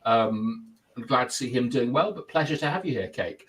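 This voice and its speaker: Lively chatty host. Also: male voice, medium pitch, normal speed, rough recording. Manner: lively, chatty, laughs often. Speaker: podcast host reading viewer comments. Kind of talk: casual live-stream chat.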